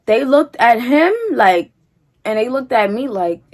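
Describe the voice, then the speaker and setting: A young woman vlogger, telling a story to camera in a casual, animated, slangy way. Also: fairly high pitch, unhurried. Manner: animated, slangy, repeats "like" and "feel me".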